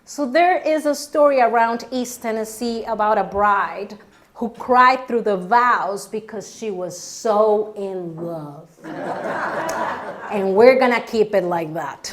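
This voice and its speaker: A woman storyteller performing live, self-mocking and animated, acting out her own panic with laughter. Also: mid-range voice, slow pace, slight background noise. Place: storytelling venue stage.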